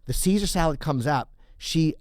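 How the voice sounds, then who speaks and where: A man's voice: a little high, moderate pace, a little mellow, no room sound. A male comedian, a guest on a podcast, telling a rambling, profane story full of restarts in a studio.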